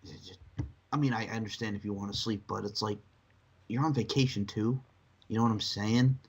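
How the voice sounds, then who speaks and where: A man co-hosting a wrestling podcast in casual chat, animated and profane, often breaking into shrill mocking voices. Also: fairly quick, husky. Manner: animated, swearing, jumps into shrill mocking impressions. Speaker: podcast co-host.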